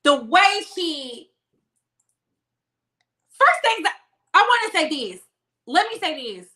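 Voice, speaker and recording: A woman's voice: extremely high pitch, big pitch swings, slow, pushed and bright. A young woman hosting a celebrity gossip channel, giving sassy, emphatic commentary and drawing out words for effect.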